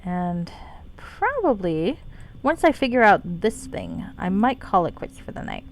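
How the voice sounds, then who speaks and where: A woman's voice: medium pitch, sing-song, unhurried, a little hiss or hum, rough recording. A woman giving casual gameplay commentary on her stream, wry and self-deprecating, swearing freely.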